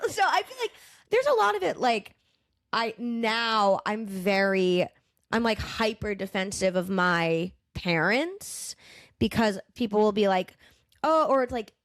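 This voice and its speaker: A woman stand-up comedian from the Boston area, chatting casually as a podcast guest. She tells stories in an animated way, with a lot of fillers and frequent swearing. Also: medium pitch, measured pace, no room sound, studio quality.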